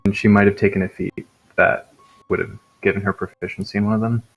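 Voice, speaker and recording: A man's voice: on the low side, flat delivery, fast talker, husky, muffled recording, faint music behind. A man chatting as a player in a tabletop game, explaining rules and laughing easily. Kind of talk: casual chat at a tabletop game.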